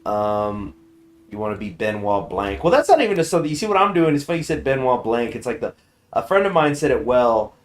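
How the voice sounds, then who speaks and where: A man's voice: medium pitch, big pitch swings, a little fast. A man streaming a strategy game, chatting casually with rambling asides and frequent chuckles.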